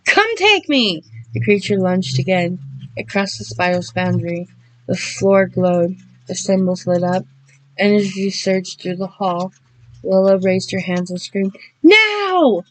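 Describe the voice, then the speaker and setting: A woman narrating a horror story dramatically, speeding through action and slowing for suspense. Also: lowish voice, completely flat delivery, darkish tone, dry recording, low-quality recording.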